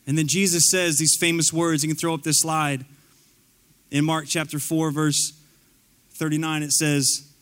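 A pastor with a notably high voice delivers his sermon like a conversation with the room. He builds to excited, almost shouted peaks, then sinks back to hushed, gentle lines, tossing in playful asides. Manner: dynamic preaching, rising to near-shouting and dropping to soft tones.

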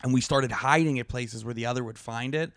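A man's voice: medium pitch, a little fast, a bit bright, no echo, studio quality. A man co-hosting a comedy podcast in casual chat, swearing freely and stammering through his stories. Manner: profane, stammering storyteller. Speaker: podcast co-host.

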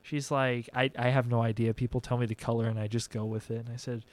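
A man's voice: medium pitch, fast, heavy background noise. Young man telling a story. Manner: animated, acts out both sides of conversations. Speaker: podcast co-host. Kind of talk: casual storytelling chat.

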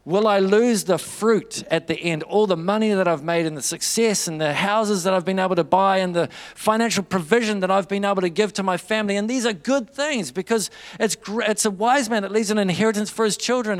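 A man's voice: sits high, fairly quick. A man preaching a sermon, telling a story with quoted dialogue and building to fervent urging.

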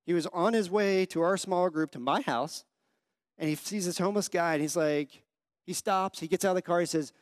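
Conversational male pastor, bright and dry. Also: high-pitched, normal speed, dry recording. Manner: conversational storytelling, asks the congregation questions. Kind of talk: sermon.

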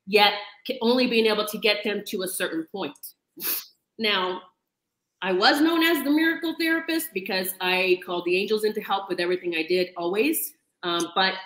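A woman's voice: mid-range voice, bright, forceful tone, echoey room, rough recording. A woman hosting a casual interview who speaks emotionally and tearfully. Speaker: host.

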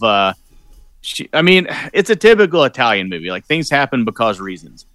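A man co-hosting a casual movie podcast, talking in a halting, wry way with many restarts. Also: mid-range voice, very animated, a bit bright, no room sound.

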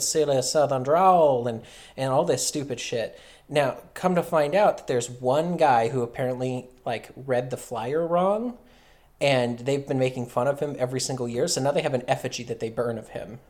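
A man's voice: mid-range voice, darkish tone. Male podcast co-host, casual chat, rambling, loose, cursing. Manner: rambling, loose, swears freely.

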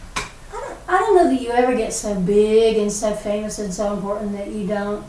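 Woman chiming in with warm reactions. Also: mid-range voice, fairly quick. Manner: supportive listener, short encouraging reactions. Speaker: podcast co-host. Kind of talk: casual chat. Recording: roomy distant mic with faint noise.

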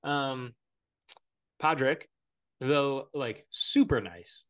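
A man's voice: mid-range voice, extremely slow, fairly bright tone, clean tone. A man hosting a podcast, recapping a movie plot in a casual, joking, rambling way full of filler words. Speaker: podcast host. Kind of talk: casual movie-review chat.

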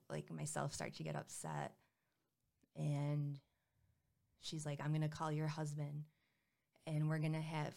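A woman's voice: sits low, gravelly, darkish tone. A woman in her thirties telling a personal story in a candid, conversational way, with many fillers and quoted dialogue.

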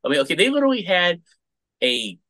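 Male co-host, bright and forceful, profane and animated. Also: high-pitched, fast, dry recording. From United States. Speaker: podcast co-host. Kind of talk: casual chat.

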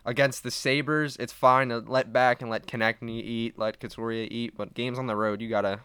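Blunt young man with a smooth, dry voice. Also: mid-range voice, steady tone, normal speed, a bit bright, no echo. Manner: opinionated, blunt. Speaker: podcast co-host. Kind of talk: casual sports chat.

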